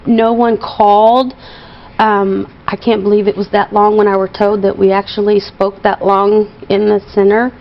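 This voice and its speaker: A woman telling her story as an interview guest, earnest and halting, with many pauses and fillers. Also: mid-range voice, flat delivery, vocal fry. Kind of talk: emotional personal account. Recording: dull broadcast audio.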